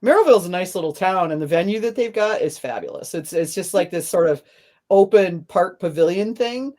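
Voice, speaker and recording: A podcast host, a woman with a slightly low voice. She talks in a loose, rambling way and breaks into laughter often as she chats. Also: lively intonation, fairly quick, dark tone. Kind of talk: casual chat.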